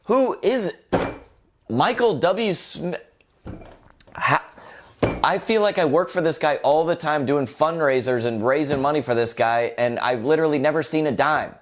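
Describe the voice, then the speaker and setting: A man doing roast-style stand-up comedy in a deadpan, mock-complaining, sarcastic way. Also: a little high, normal speed.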